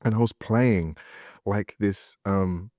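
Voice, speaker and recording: Lively man telling stories. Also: on the low side, takes it slowly, no echo, clean studio sound. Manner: animated, laughing, many fillers and restarts. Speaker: guest, actor and studio founder. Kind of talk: casual podcast storytelling.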